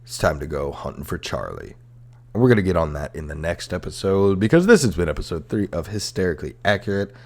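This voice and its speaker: A man with a very low, deep voice talking casually as a comedic history host. He swears freely, fills his sentences with ums and uhs, and stumbles over his words before correcting himself. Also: darkish tone. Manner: loose and profane, with fillers and self-corrections. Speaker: podcast host.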